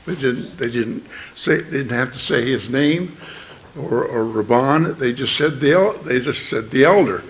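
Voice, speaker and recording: Slow, halting male church speaker. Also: medium pitch. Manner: slow, halting, with many fillers and restarts; explanatory, plain teaching tone. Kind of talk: sermon.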